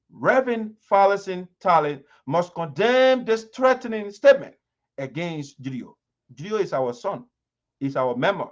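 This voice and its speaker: A man giving impassioned community commentary, emphatic and repetitive, his voice rising to sharp peaks. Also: a little high. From Liberia. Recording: dull lo-fi sound.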